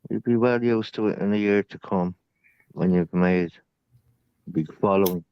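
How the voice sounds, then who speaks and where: A man's voice: deep voice, normal speed, dull audio, slight background noise. A man in a casual chat, offering encouragement in short remarks. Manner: encouraging, brief interjections.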